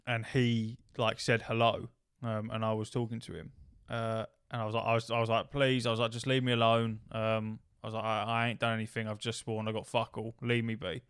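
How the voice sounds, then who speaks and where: A man, co-hosting a casual podcast and telling gaming stories with lots of swearing and acted-out shouting. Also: lowish voice, a little fast, hardly any pauses, smooth, dry recording, studio quality. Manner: animated anecdote-telling, swears freely, acts out shouting. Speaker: podcast co-host. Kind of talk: casual chat, storytelling.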